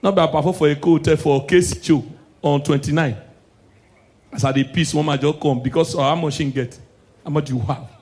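A man with a Nigerian accent doing stand-up comedy, telling animated stories and bursting into shouted punchlines. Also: fairly high pitch, normal speed.

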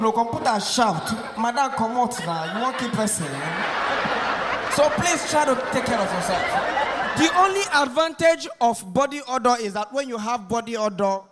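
Nigerian Pidgin male comic who checks in with the crowd, very high voice. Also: animated, brisk, echoey room, background noise. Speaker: stand-up comedian. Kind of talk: stand-up routine.

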